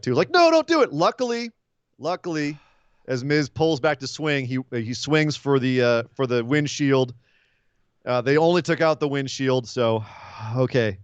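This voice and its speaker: A man co-hosting a casual wrestling podcast, talking fast and acting out scenes with funny voices. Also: mid-range voice, smooth, no room sound, dull audio. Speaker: podcast co-host.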